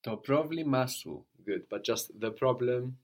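A man's voice: medium pitch, a little slow. A man teaching a language lesson, explaining points patiently and modeling phrases for a student to repeat.

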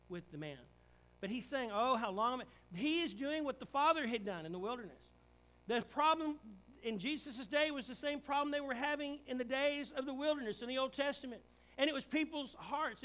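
Male pastor, sermon, high voice, emphatic rising delivery, faint hum behind. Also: a bit bright, low-quality recording. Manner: preaching with rising, emphatic bursts and dramatized quotes.

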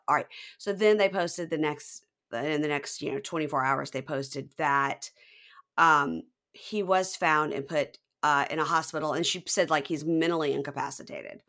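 A woman podcast host chats casually as she recaps a reality show. Her voice is bright and forceful and sits fairly low. She tells the story in an animated way, slipping into quick impressions.

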